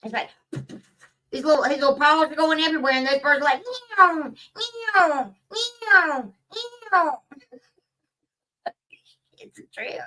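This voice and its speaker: A woman rants to camera in a bright, fairly high voice, blunt and full of swearing. She rambles loosely from thought to thought, and her voice sits a little back from the mic. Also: fairly even intonation, brisk, pauses often, far from the mic. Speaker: vlogger. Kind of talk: casual rant to camera.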